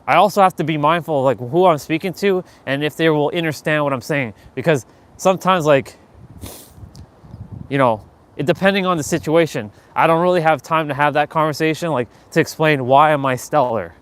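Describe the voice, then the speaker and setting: A man with a voice pitched a touch above the usual talks straight to his viewers in a loose motivational monologue. He is blunt and swears freely, and now and then he slips into quoted bits of everyday small talk. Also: fairly quick, fairly bright tone, smooth. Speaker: host of a daily motivational live stream.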